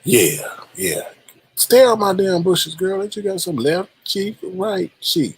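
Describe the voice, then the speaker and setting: A man hosts a livestream, his sassy, slangy commentary turning into a scolding rant. His voice is husky and a little rough. It sounds dry and close to the mic. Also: sits high, very animated, slow pace, dry recording. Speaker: livestream host. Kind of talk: ranting live commentary.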